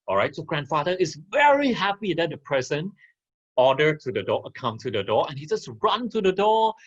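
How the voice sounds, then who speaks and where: A man's voice: fairly high pitch, fairly bright tone, muffled recording. A man teaching an online class, telling a farmyard story and asking his listeners questions as he goes. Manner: interactive, asks the audience questions.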